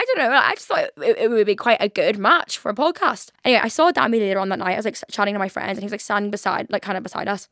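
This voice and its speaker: A woman's voice: mid-range voice, lively intonation, racing, hardly any pauses, fairly bright tone, dry recording, studio quality. A young Irish woman hosting her own podcast, rambling through a story in casual chat, full of "like" and frequent swearing. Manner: rambling, lots of "like", swears freely. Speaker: podcast host.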